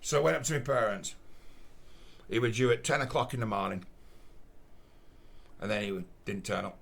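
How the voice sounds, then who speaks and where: A man's voice: fairly low pitch, moderate pace, creaky. A man with a Northern English Lancashire accent, telling a story bluntly and casually, swearing often and acting out what others said. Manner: blunt, swears often, acts out quoted voices.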